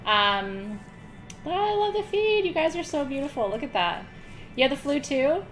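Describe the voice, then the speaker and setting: A woman's voice: high-pitched, very animated, moderate pace, faint music behind. Laughing, joking woman host. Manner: joking, self-mocking, swears casually, laughs often. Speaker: host of an online spiritual ceremony. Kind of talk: live-streamed casual chat.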